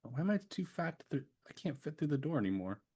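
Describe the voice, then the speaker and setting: A man's voice: a little high, big pitch swings, fast talker, mellow, husky. Joking man playing a tabletop game. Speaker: player. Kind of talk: casual play talk.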